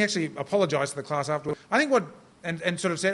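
Middle-aged aussie guy preaching, kinda high voice, chatty storytelling sermon. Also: animated, racing, fairly bright tone. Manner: conversational, self-deprecating storytelling.

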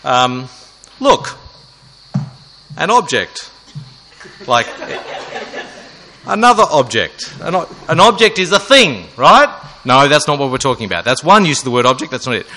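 A man's voice: mid-range voice, sing-song, unhurried, long pauses, bright, forceful tone, a little hiss or hum, poor audio. A young man giving a joking talk to a student audience, self-mocking and asking the crowd questions. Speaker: student ministry speaker.

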